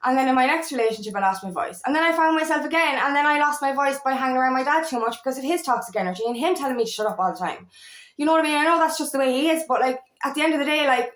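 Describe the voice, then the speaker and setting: Woman in her thirties, empowerment coach, candid rambling monologue, fairly high voice, echoey room. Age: 30s. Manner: candid, rambling with many fillers and restarts. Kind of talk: personal monologue to camera.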